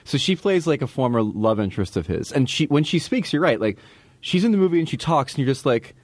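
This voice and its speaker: A man's voice: mid-range voice, very animated, quick pace, dry recording. A man co-hosting a casual chat podcast, teasing his partner and arguing his points. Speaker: podcast co-host.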